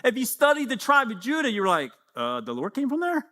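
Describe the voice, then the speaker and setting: A man in his fifties delivers a lively sermon in a notably high voice. His tone is bright and forceful, and he keeps acting out short exchanges in prayer. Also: a little fast. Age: 50s. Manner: animated preaching, acting out prayers and dialogues. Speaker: pastor.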